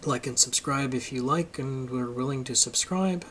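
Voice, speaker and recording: A man at a middle pitch delivers a casual opinion monologue for his channel. He argues emphatically and gets worked up, and a faint background noise sits under his voice. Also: moderate pace, fairly bright tone. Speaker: political commentary vlogger.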